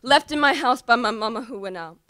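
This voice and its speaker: A woman's voice: on the high side, expressive, a little fast, sharp tone, no echo. A teenage girl performing an impassioned, pleading slam poem with repetitive cries to her mother. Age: teens. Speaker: student poet.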